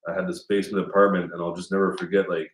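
Deep-voiced laid-back man, echoey room. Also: little pitch movement, very fast. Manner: laid-back, slangy, swears casually. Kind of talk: casual chat. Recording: roomy echo.

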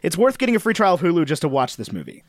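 A man's voice: a little high, sing-song, racing. A man co-hosting a podcast in casual, joking chat, rambling and breaking into accent impressions. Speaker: podcast co-host.

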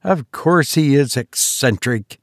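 A man voicing a fussy middle-aged Victorian wife, in a high, fluttery, anxious voice. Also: slow, no echo, studio quality, heavily acted.

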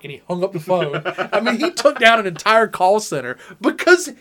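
A man co-hosting a podcast, telling stories in a lively, casual way and acting out the people he quotes. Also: high-pitched, moderate pace, a little hiss or hum. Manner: animated, acts out quoted voices, laughs often. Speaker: podcast co-host. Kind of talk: casual storytelling chat.

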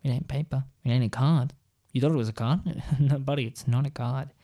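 A man's voice: mid-range voice, steady tone, brisk, mellow. A man casually telling a rambling story in the second person, with playful asides.

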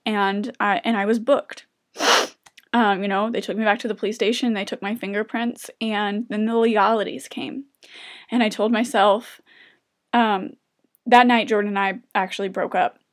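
A young woman vlogger telling a personal story to camera in an earnest, open way, often breaking off and restarting, and growing emotional as she talks. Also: medium pitch. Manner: earnest, halting, with many restarts; openly emotional. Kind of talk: personal confessional talk to camera.

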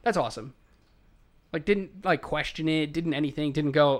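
Chatty man recapping a movie. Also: on the high side. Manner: recounts scenes, quoting characters in quick bursts. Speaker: podcast co-host. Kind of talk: casual movie discussion.

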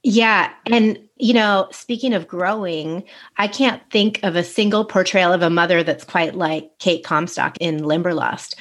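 A woman reflecting on a book in a measured way. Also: lowish voice, a bit bright. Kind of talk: book discussion.

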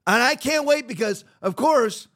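A man's voice: very high-pitched, lively intonation, normal speed, a bit bright. A man hosting a podcast, delivering a combative, mocking monologue that rambles with frequent restarts. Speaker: podcast host.

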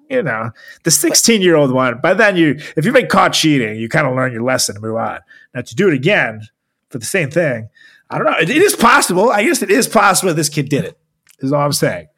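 Man, podcast co-host, casual comedic chat, lively swooping delivery. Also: fairly high pitch. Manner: joking, laughs often, animated storytelling.

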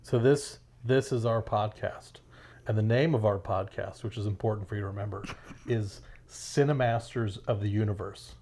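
A man co-hosting a podcast, trading dry deadpan jokes in casual banter. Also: fairly low pitch, moderate pace, a little hiss or hum. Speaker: podcast co-host.

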